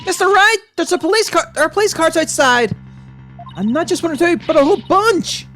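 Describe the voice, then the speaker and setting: Casting: woman playing a frantic young game assistant, lively high voice. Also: a little fast, faint music behind.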